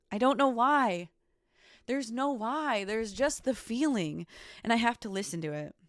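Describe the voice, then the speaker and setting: Solo woman podcaster: gravelly, fry-heavy voice, casual and profane, dry close sound. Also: medium pitch, no echo. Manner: emphatic, swears often, leans on "like" and "okay". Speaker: podcast host. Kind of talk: candid solo podcast chat.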